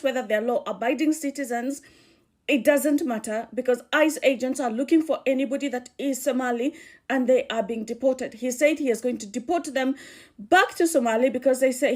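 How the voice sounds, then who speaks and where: A woman with a Kikuyu accent delivering earnest political commentary as a channel host. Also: high voice. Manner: earnest, warning.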